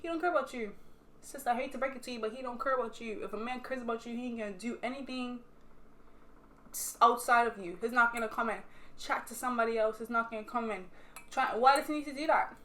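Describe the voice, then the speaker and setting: A woman's voice: a little high, fast. A young woman from Bermuda with a Bermudian accent that sometimes slips into British, chatting bluntly and swearing as she answers viewer questions over a glass of wine. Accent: Bermudian, sometimes switching to British. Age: young adult. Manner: blunt, animated storytelling with frequent swearing. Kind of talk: casual chat while sipping wine.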